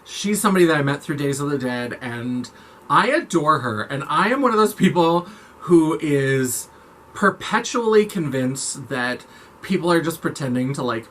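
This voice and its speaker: Chatty bright-voiced man vlogging. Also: on the high side, slight background noise. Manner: chatty, animated, campy. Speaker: makeup vlogger. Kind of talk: casual chat to camera.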